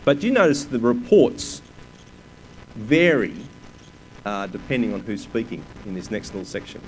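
A man's voice: fairly low pitch, sing-song, normal speed, a little hiss or hum, poor audio. A man preaching a sermon, reading scripture aloud with emphasis and putting rhetorical questions to his listeners.

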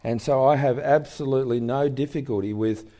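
An older man speaking as a guest in an on-stage interview, telling stories in an animated way. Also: medium pitch, a little fast. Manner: animated storyteller, acts out voices in anecdotes.

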